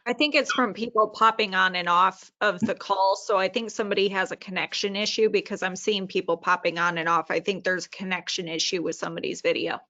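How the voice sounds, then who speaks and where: A woman's voice: mid-range voice, steady tone, fairly quick, few pauses, bright, forceful tone. A woman on a video call explaining something in a helpful, matter-of-fact way. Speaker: meeting participant. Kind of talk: casual remark on a video call. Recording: dull lo-fi video call audio.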